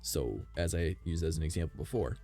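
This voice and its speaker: Rambling, cussing deep-voiced streamer man. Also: brisk, dark tone, faint music behind. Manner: rambling, swears a lot, speculative. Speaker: livestreamer. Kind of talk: casual chat with stream chat. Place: at home, by his desk.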